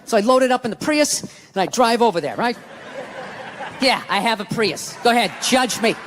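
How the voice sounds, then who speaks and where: A male stand-up comedian on stage, ranting and swearing with sudden shouted bursts. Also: very high voice, expressive, normal speed, some chatter behind, slight background noise. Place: large comedy venue on stage. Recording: live hall with loud audience. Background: audience laughter.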